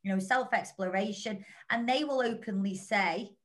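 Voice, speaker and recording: A woman's voice: medium pitch, normal speed, fairly bright tone. A woman co-hosting a podcast, talking in an earnest, rambling way with frequent restarts. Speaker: podcast co-host. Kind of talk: reflective casual chat.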